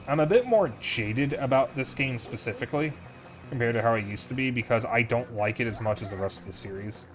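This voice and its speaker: Casual, profane young male game streamer. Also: medium pitch. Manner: candid, profane, rambling with fillers. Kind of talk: casual gameplay commentary.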